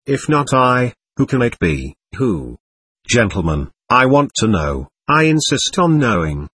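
A man's voice: mid-range voice, big pitch swings, a little slow, fairly bright tone, husky, full character voice. A man reading the part of an agitated, proud young man under questioning, speaking in an impassioned, pleading way. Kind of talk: audiobook character reading.

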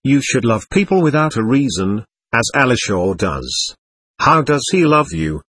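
A man's voice: mid-range voice, big pitch swings, a little slow, a bit bright, breathy edge, no echo, exaggerated voice. A man reading the part of a sullen, resentful young man in an audiobook, snarling and sulky.

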